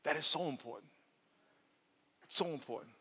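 A male pastor preaching a lively, playful sermon that swings from soft asides to loud outbursts. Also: on the high side, moderate pace, breathy edge. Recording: long hall reverb.

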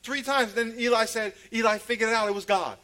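Male preacher, high voice, playful storyteller, swings from loud to hushed. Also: fairly quick. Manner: storytelling, playful, laughs at his own stories; sudden loud calls and drops to a hush. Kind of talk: sermon.

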